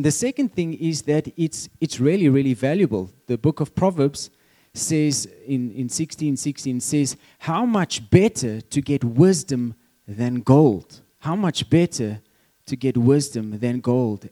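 A man's voice: medium pitch, warm tone. A man with a South African accent preaching a conversational sermon, quizzing the congregation as he goes.

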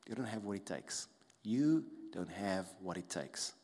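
A mocking inner voice of discouragement, male, muttering low and scornful, put on by a preacher. It sounds quieter than speech, as if whispered at the back of the mind. A long hall reverb hangs behind it. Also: animated, measured pace, slight background noise. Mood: sneering.

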